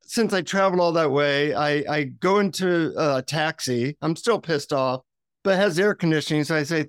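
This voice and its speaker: A man, an author and guest on an interview, telling lively, self-mocking anecdotes. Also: fairly high pitch, moderate pace, smooth, dry recording, clean studio sound. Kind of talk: interview storytelling.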